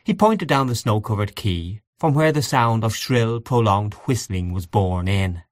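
A man with a low voice reads classic fiction aloud in a measured, expressive way. His inflection is lively, and the recording is close and dry. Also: dry recording. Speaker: narrator. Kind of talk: audiobook narration of classic fiction.

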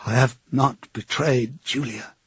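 A man reading the part of a broken, weeping male prisoner who speaks slowly and defeatedly. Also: medium pitch, steady tone, husky, dry recording, lo-fi sound.

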